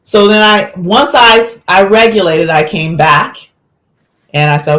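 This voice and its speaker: A woman physician, a guest on a podcast, telling a story with lively acted-out quotes in a relaxed conversational way. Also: mid-range voice, measured pace, roomy sound. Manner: animated storyteller, acts out quotes.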